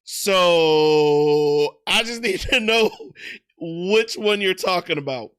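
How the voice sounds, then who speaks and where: A man's voice: high-pitched, lively intonation, takes it slowly, fairly bright tone, clear, resonant tone. A man chatting casually on a livestream, loose and profane, laughing at himself as he answers viewers. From United States. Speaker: streamer.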